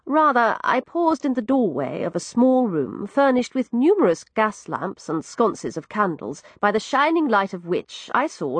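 A woman narrating a story in the first person with wry, expressive delivery. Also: medium pitch, husky, no echo. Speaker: audiobook narrator.

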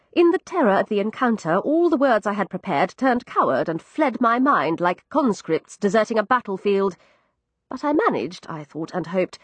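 A woman narrating a first-person audiobook in an expressive, crisp storytelling manner. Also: mid-range voice, no echo.

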